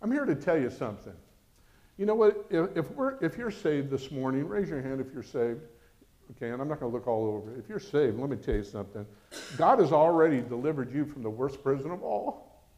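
A man preaching a sermon as pastor, animated and acting out quoted voices. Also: medium pitch, fairly quick.

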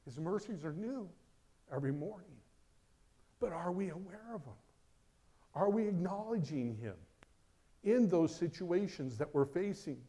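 A middle-aged man preaching a sermon as pastor, swinging between loud, urgent questions and quiet, low asides. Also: lively intonation, a little slow, long pauses.

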